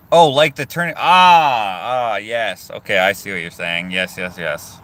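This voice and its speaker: A man from Canada rambles casually into his phone from inside a car and keeps cutting himself off mid-thought. His voice sits on the low side. A faint hum of car noise sits underneath. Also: measured pace, few pauses, a bit bright. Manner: rambling, chatty, self-interrupting. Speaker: vlogger. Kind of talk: casual chat reading viewer comments.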